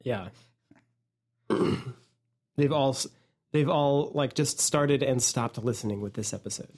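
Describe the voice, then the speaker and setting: A man chatting on a podcast, rambling through his thoughts and laughing often. He keeps it loose and jokey, his voice sitting at an ordinary middle pitch. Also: measured pace, darkish tone. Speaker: podcast co-host. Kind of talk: casual comedic chat.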